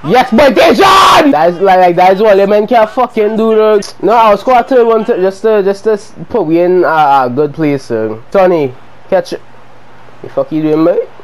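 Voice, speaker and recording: A young man giving heated, profane commentary while playing a football video game, often shouting at his players. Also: sits high, normal speed, crowd noise, rough recording. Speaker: gaming video creator.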